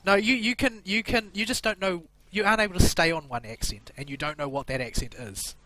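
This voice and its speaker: A man's voice: high voice, fairly quick, sharp tone, dry recording. A man in a casual gaming voice chat, grumbling with dry sarcasm into a headset mic. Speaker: gamer on voice chat.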